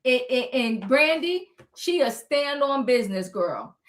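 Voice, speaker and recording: Here a high-voiced woman recapping a reality show with her co-host speaks at a measured pace. Her tone is casual and chatty, and she performs the cast's lines with animated slang.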